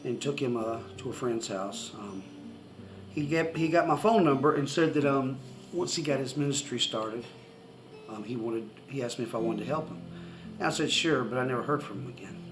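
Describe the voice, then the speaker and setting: A man telling a personal testimony story to the camera, excitable and rambling with many restarts. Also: medium pitch, moderate pace, music in the background, rough recording. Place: indoors, seated facing the camera.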